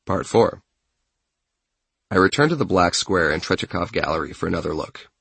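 Low gravelly male narrator, dry close sound. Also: sing-song, a bit bright, no room sound. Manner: measured essay narration. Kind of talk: scripted narration.

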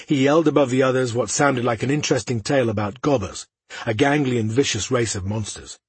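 Husky male audiobook narrator. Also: mid-range voice, dry recording. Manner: steady, measured reading. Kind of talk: scripted fantasy narration.

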